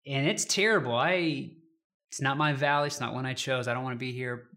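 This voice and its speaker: A man speaking as a pastor, reading scripture and then sharing a personal story in a gentle, reflective way. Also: medium pitch, brisk. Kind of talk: devotional sermon.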